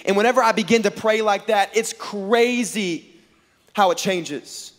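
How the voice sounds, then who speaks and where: A man's voice: high-pitched, normal speed. A man preaching a sermon to a live audience, telling a funny story and acting out the dialogue in voices. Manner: animated, acts out dialogue in voices, jokes with the crowd. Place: large hall with a live audience on stage. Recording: long hall reverb.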